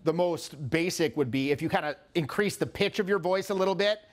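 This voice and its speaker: A man's voice: fairly high pitch, brisk. A man coaching a live seminar audience, talking casually and animatedly and swearing often. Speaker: social skills coach.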